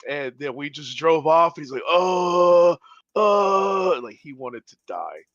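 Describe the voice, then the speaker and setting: Lively male podcast storyteller, very expressive pitch, dry, slightly dull mic. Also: moderate pace, no room sound. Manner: animated, laughing, acts out voices. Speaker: podcast co-host. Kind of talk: casual storytelling.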